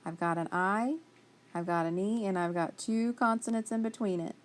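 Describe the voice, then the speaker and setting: A woman's voice: medium pitch, normal speed. A woman teaching a phonics spelling lesson, patiently sounding out letters and praising each answer.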